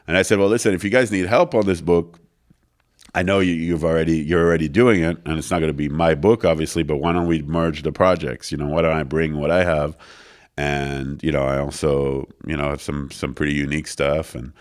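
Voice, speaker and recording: Very deep-voiced man. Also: brisk. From France. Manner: animated storyteller, acts out quoted dialogue, many fillers. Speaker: interview guest. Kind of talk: casual storytelling interview. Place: recording studio.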